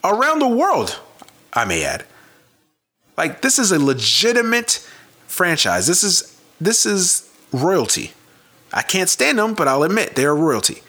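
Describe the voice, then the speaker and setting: A man's voice: high-pitched, huge pitch swings, measured pace, long pauses, bright, forceful tone. A man giving a profane, emphatic sports rant, repeating his points with heavy emphasis. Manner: profane, emphatic, repetitive ranting. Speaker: sports commentator.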